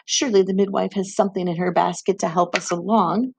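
A proud, worn-out woman in a hard labor speaks with calm despair in a breathy, husky voice. A woman reading a storybook aloud voices her in a dry, close sound. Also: medium pitch, fairly quick, no room sound, pitched above the performer's own voice. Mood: weary, despairing.

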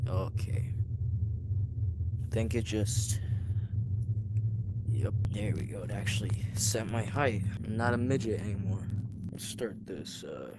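A young man doing casual let's-play commentary, jumpy and swearing, muttering low and then yelping. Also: measured pace, long pauses, very noisy. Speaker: gaming youtuber.

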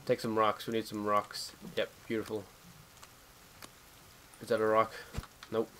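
A man giving casual gameplay commentary as he plays. He gets excited and spooked easily and swears freely. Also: on the low side, unhurried, slight background noise. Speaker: let's play gamer.

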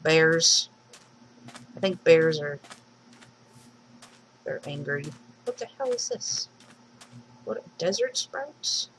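A woman's voice: low-pitched, expressive, slow pace, long pauses, background noise. A woman casually commenting on her own game as she plays, chatting to the animals she meets and squealing when startled. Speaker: let's play host and mod maker.

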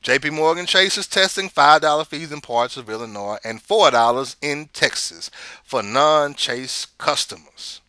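A man's voice: on the high side, measured pace, sharp tone, smooth, no echo, studio quality. A man hosting a casual money commentary show, rambling and repeating words as he tells stories.

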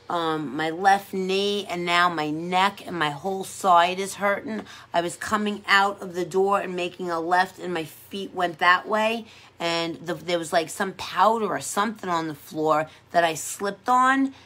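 A woman's voice: fairly low pitch, fairly bright tone. A woman who works as a pedicure technician, chatting casually on a livestream in a sassy, playful way and laughing often.

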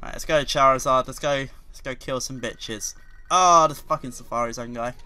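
A man doing video game commentary, excitable and quick to curse, with sudden loud outbursts. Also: mid-range voice, faint music behind. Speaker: let's play commentator.

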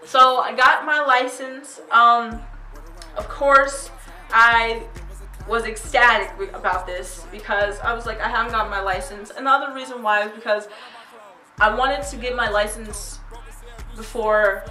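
A teenage girl telling a story to her vlog audience in a chatty, animated way. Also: a little high, a little slow. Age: teens. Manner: chatty, animated retelling with quoted voices. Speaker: vlogger. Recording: echoey room, mic at a distance, faint music.

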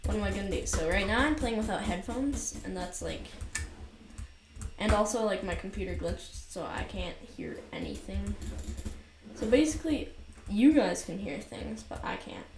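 A woman rambling through casual gameplay commentary, full of fillers and quick to get frustrated, recorded on a desk mic in a cold basement room. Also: medium pitch, sing-song, vocal fry. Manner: rambling, filler-heavy, self-mocking, easily frustrated. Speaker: gaming commentator. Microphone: new USB desk mic. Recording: roomy echo with noisy background.

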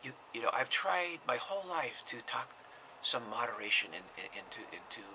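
Speaking informally to viewers, this male spiritual teacher has a medium-pitched, sing-song voice and a moderate pace, with background noise behind him. He frequently slips into a breathy whisper and repeats himself word by word.

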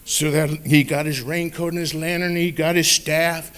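A man telling a children's Bible story at church in an expressive, playful manner. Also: on the high side, normal speed, clean tone. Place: church sanctuary.

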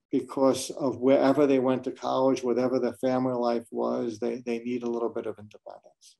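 A middle-aged New York City man who is a medical school dean answers webinar interview questions earnestly and reflectively, often restarting his sentences. His voice is medium-pitched, gravelly, and warm, with a steady tone and moderate pace.

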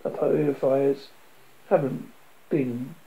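A man's voice: medium pitch, steady tone, slow pace, phone-quality sound. A man reading a blunt, gloomy pessimist. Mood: bitter. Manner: barking and blunt.

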